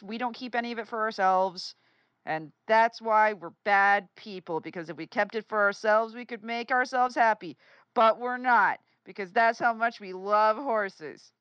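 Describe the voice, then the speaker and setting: A woman's voice: fairly high pitch, clear, resonant tone, no echo. A woman co-hosting a casual podcast, playful and joking, then asking interview questions. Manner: playful, lively, drops to a hushed tone for jokes. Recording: dull lo-fi dry sound.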